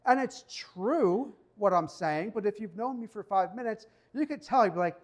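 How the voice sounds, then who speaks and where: A man with a high-pitched voice preaching a sermon in a church. He keeps it conversational and personal, and he slows his pace when reading Bible verses aloud. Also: lively intonation. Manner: conversational preaching, reads scripture slowly. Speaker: pastor.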